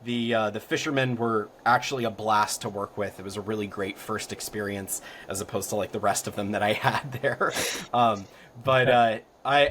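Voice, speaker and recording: A young man from Florida, a podcast guest telling stories in a casual, rambling way full of ums and likes that grows lively at the exciting parts. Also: fairly low pitch, slight background noise. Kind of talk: casual storytelling.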